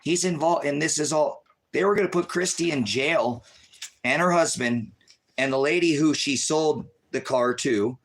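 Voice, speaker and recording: A stressed man rambling through an agitated live-stream rant, jumping between loud outbursts and low muttering. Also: moderate pace, creaky.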